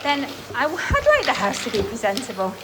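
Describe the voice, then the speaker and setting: A woman from England chatting to viewers as she cleans her farmhouse, slightly out of breath and hoarse from talking. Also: on the high side, huge pitch swings, a little fast, heavy background noise. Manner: chatty, talks to viewers while working, trails off and restarts. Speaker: cleaning vlogger. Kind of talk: casual chat while cleaning. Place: farmhouse kitchen and utility room, indoors.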